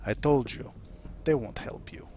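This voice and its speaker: A man's voice: mid-range voice, a little slow, mellow, highs cut off, a little hiss or hum, close to an everyday voice. A man voicing an angry, impatient young male wizard who speaks bluntly and confrontationally.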